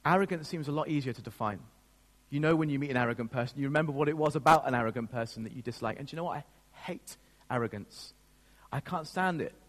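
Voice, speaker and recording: A man's voice: medium pitch, fast, long reverb tail. A man preaching a sermon as a pastor, speaking in an earnest, emotional way with frequent restarts.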